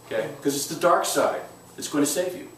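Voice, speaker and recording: A man's voice: a little high, lively intonation, fairly quick, fairly bright tone. Male self-defense instructor, emphatic and direct, heard from a distance in a very echoey room. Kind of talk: teaching a class. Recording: echoey room, mic far off, faint noise.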